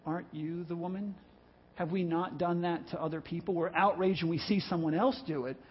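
A male pastor preaching a sermon in a church service, telling a story in an animated way and acting out the voices in it. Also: a little high, a little fast, dull audio, a little hiss or hum.

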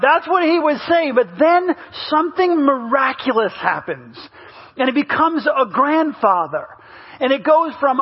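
A pastor with a very high voice and lively intonation preaches a humorous, conversational sermon at a normal speed. He's playful with the church crowd, often asking them "right?" The sermon audio is dull and lo-fi.

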